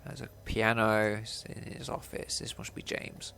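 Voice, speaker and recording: A man's voice: on the low side, level tone, unhurried, gravelly, pushed and bright, a little hiss or hum. A man casually playing through a video game, reading its text aloud and commenting with swearing and laughter. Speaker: let's player.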